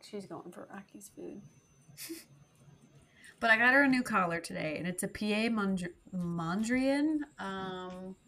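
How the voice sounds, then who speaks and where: A woman's voice: medium pitch, lively intonation, a little slow, sharp tone. A young woman co-hosting a podcast in casual, jokey chat, rambling and laughing often. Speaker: podcast co-host.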